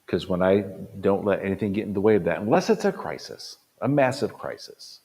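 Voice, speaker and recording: A man around sixty, a pastor giving an earnest talk to other pastors, stressing points by repeating them and swinging between loud punches and quiet drops. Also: low voice, lively intonation, brisk, slightly rough. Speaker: pastor and conference speaker.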